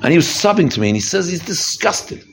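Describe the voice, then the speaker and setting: Speaking quickly in a creaky voice, this rabbi gives an emphatic holiday sermon, often restarting and repeating his phrases. His lively delivery moves between quiet, low moments and high, intense ones, with a little hiss or hum behind him.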